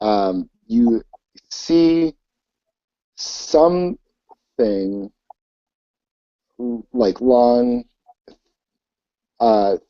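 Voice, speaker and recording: A man narrating a tabletop game as game master, halting and full of fillers. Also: mid-range voice, mellow, no echo. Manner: hesitant, many fillers. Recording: dull lo-fi recording.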